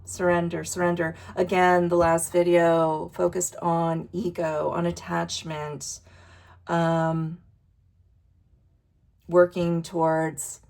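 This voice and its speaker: A woman reading oracle cards aloud in a casual vlog, slow and emotional, sighing and interrupting herself. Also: fairly low pitch, gravelly, a little mellow. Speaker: oracle card reader. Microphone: wireless earbuds.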